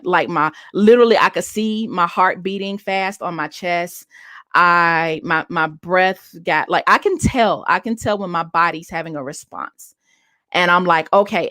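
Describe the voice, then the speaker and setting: A woman's voice: on the low side, a bit bright, no room sound, clean studio sound. A woman in her late thirties hosting a podcast, telling a personal story candidly and earnestly, often restarting her sentences. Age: 30s. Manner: earnest, self-revealing, with many restarts. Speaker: podcast host.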